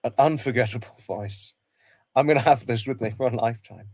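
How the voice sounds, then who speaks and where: A man hosting a casual livestream, reminiscing in a halting way, often repeating himself and restarting his sentences. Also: medium pitch, a little mellow, a little hiss or hum. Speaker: livestream host.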